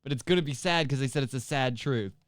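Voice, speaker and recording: A young man in casual podcast chat who cracks jokes and giggles while reading items off a screen. His voice is smooth and clear, at a middle pitch, and it is recorded dry and close. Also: quick pace, no room sound. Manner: joking, giggly, reads things off the screen. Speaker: podcast co-host.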